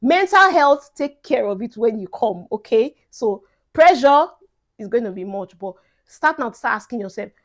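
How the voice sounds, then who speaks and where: Young Nigerian woman vlogger, emphatic and chatty, somewhat high-pitched, mixes in Pidgin. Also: expressive, normal speed. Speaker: vlogger giving advice to incoming students. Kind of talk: casual advice vlog.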